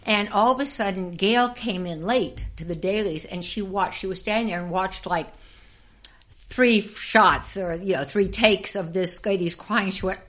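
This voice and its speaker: Lively older woman telling showbiz stories. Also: medium pitch, unhurried. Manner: lively storyteller who acts out quoted voices and laughs often. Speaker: interview guest, former actress and dancer. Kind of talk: casual anecdotal storytelling.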